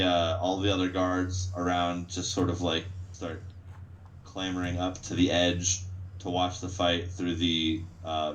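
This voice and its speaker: A man's voice: low voice, a little hiss or hum, rough recording. A man narrating a tabletop game as game master over an online call, laid-back and full of fillers.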